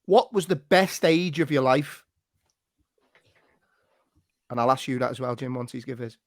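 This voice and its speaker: A man's voice: medium pitch, a little slow, no room sound, clean studio sound. An English man hosting a podcast in casual, teasing, sweary banter, laughing often. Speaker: podcast host. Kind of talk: casual chat.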